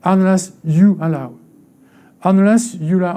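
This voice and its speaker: A male pastor delivers a sermon in a high, gravelly voice with a dark, mellow tone. He stumbles and repeats himself often, falling to near-murmurs between sudden loud bursts. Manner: halting, repeats words, swings from quiet to loud.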